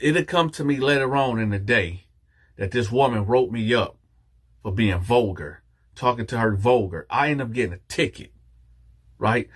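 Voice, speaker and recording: Guy telling a story to his viewers, low husky voice, acts out the lines all animated. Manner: animated, acts out quoted dialogue.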